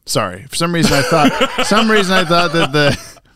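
A man's voice: a little high, big pitch swings, normal speed, a loud crowd. A man co-hosting a podcast in casual chat, joking and laughing often as he trails into asides. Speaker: podcast co-host.

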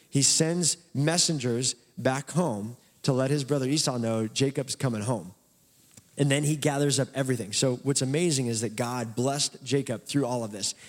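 A man preaching a sermon, retelling a story in a casual, animated way. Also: mid-range voice. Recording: long hall reverb.

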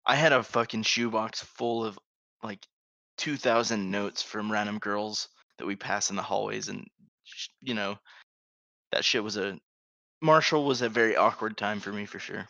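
A man's voice: lowish voice, steady tone, normal speed, creaky, pushed and bright, no room sound. A man co-hosting a podcast, casually telling a profane school story and laughing through it. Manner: laid-back, profane, laughs through his stories. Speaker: podcast co-host. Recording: dry, slightly dull sound.

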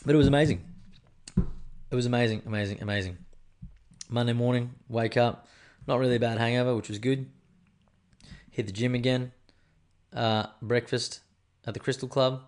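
A man's voice: mid-range voice, steady tone, normal speed, pauses often, darkish tone. A man hosting a podcast, rambling in a loose, chatty way and swearing freely. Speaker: podcast host. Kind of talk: casual chat.

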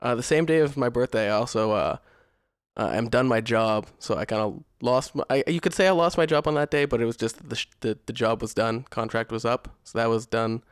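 A young man co-hosting a casual podcast, talking in a smooth, resonant voice that sits in a middle register. He rambles easily, full of fillers and restarts. The sound is close and dry. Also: mid-range voice, brisk, no echo. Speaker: podcast co-host. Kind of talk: casual chat.

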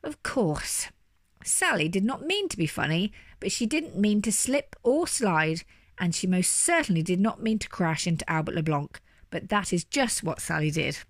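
A woman reading a children's story aloud with lively, animated delivery. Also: on the low side, moderate pace, dry recording, clean studio sound. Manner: animated, doing character voices. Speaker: storybook reader.

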